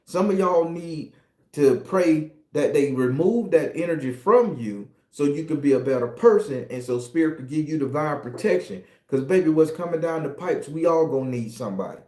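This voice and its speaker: A middle-aged tarot reader from the American South talks at a moderate pace in a fairly high, expressive voice with a darkish tone. His spiritual monologue is preachy, profane and confessional, and the room is echoey.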